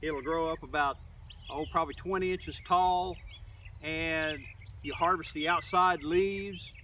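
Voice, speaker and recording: A man's voice: on the high side, steady tone, measured pace, bright, forceful tone. An older man from Oklahoma, a middle school teacher giving a casual, rambling lesson outdoors in his garden, with many fillers. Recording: distant mic, faint outdoor noise.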